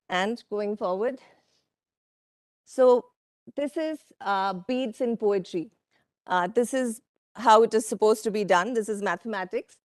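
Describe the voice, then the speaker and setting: A woman giving a workshop presentation from slides, speaking in a measured way with frequent fillers and asides to the audience. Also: mid-range voice, a little mellow, no echo, studio quality. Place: conference room.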